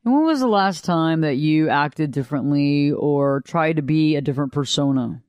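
A woman with a lower voice than she'd like, giving an unhurried, reflective motivational talk that repeats phrases and asks the listener questions. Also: expressive, darkish tone, clear, resonant tone, no room sound, clean studio sound. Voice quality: lower voice than she wished for. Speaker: motivational speaker.

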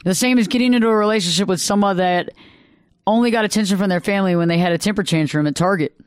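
A man's voice: high voice, quick pace, clear, resonant tone, no room sound, studio quality. A man hosting a live radio advice talk show, emphatic and preachy, repeating phrases for effect.

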